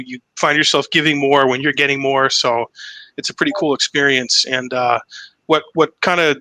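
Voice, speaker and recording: A man's voice: mid-range voice, pushed and bright, dry recording, low-quality recording. A young man hosting a casual interview, telling stories energetically and swearing freely. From Massachusetts, US. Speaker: host.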